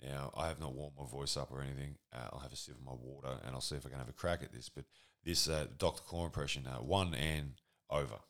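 Extremely deep-voiced Australian man rambling. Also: fairly even intonation, quick pace, fairly bright tone. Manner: rambling, profane, self-deprecating storytelling. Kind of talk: casual comedic anecdote monologue.

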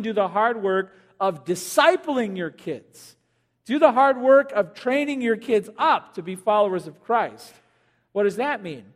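High-voiced male pastor preaching in a hall. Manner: animated, acts out quoted voices, jokes with the congregation. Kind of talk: sermon. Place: church auditorium. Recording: long hall reverb.

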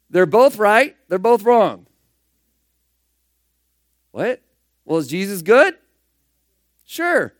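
A man preaching a sermon, firing rhetorical questions and swinging between loud emphatic bursts and hushed asides. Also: high-pitched, sing-song, slow, long pauses, no echo, studio quality.

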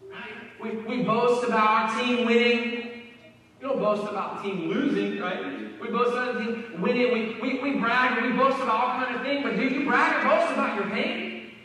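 A preacher with a high, bright, ringing voice talks to his congregation as if in conversation and often turns questions back to them. His quoted verses drop low and soft. The long reverb of the sanctuary and the distant mic fill the sound. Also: normal speed. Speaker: pastor. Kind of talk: sermon. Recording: echoey hall heard from a distance.

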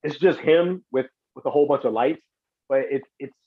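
Easygoing husky-voiced podcast guest. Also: male voice, medium pitch, normal speed, dry recording, narrow, tinny audio. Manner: easygoing, laughs often, hesitant restarts. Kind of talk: casual chat.

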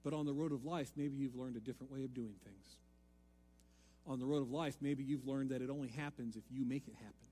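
A man pastor preaching a sermon, swinging from hushed lines to loud, emphatic appeals. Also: medium pitch, a little fast, husky, in a large hall. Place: church sanctuary.

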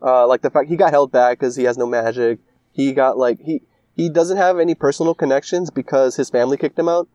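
A man's voice: medium pitch, steady tone, brisk, mellow, no room sound, muffled recording. Rambling young man, dry close sound. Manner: rambling, profane, lots of filler "like". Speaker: friend recapping a story. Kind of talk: casual chat.

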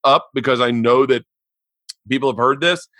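A man hosting a podcast, telling a comic story in a profane, animated way with loud outraged outbursts. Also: mid-range voice, moderate pace, no echo. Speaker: podcast host and comedian.

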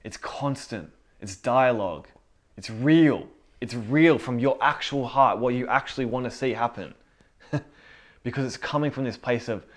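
A man's voice: medium pitch, normal speed. A man preaching a sermon in a casual, conversational way, earnest and often breaking into short laughs. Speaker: pastor.

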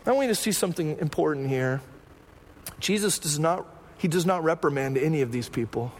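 A man's voice: on the high side, normal speed, long reverb tail, a little hiss or hum. A male pastor preaching a sermon, repeating phrases and tossing in "right?" asides.

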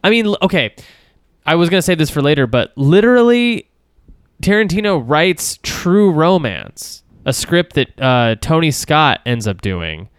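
A man on a casual film podcast, talking in an animated, rambling way with plenty of fillers and restarts. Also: a little high, unhurried, clear, resonant tone, dry recording, clean studio sound. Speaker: podcast co-host.

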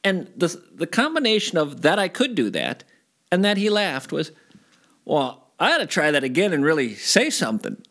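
A middle-aged man from Minnesota telling stories from his past in a casual interview, animated and climbing high when he gets excited. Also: moderate pace. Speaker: guest storyteller.

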